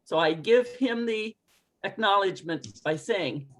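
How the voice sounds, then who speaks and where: A woman coaching English pronunciation in an online group lesson, expressive and encouraging as she models phrases for learners to repeat. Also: mid-range voice, a little slow, rough recording.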